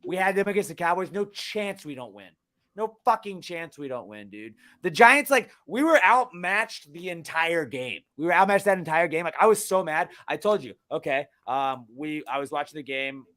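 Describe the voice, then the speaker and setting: A young man co-hosting a sports podcast, ranting heatedly and with lots of swearing, jumping between loud outbursts and low muttering. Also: expressive, normal speed. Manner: heated, profane, swings from shouting to muttering. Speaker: podcast co-host. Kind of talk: casual sports podcast rant.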